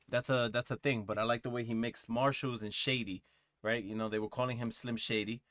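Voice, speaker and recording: A man's voice: fairly low pitch, no echo. A man hosting a music reaction video, thinking aloud in a rambling, casual way with lots of fillers and asides.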